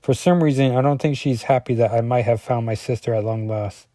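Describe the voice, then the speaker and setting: Give me a man playing a solemn Russian superhero narrating in a slow, deliberate put-on Russian accent, raised in pitch. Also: warm tone, lightly acted.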